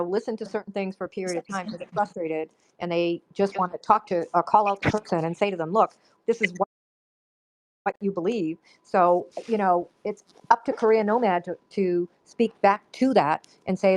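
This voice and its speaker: Woman hosting a voice chat room, calm, keeps everyone even. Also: fairly low pitch, a little fast, hardly any pauses, low-quality recording. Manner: calm, even-handed moderator. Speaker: host of an audio chat room. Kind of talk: moderating a live voice chat.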